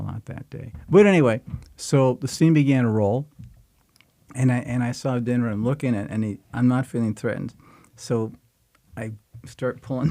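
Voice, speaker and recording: A man's voice: mid-range voice, dark tone, dry recording, studio quality. An older man, a guest actor, telling a rambling, folksy story in casual conversation.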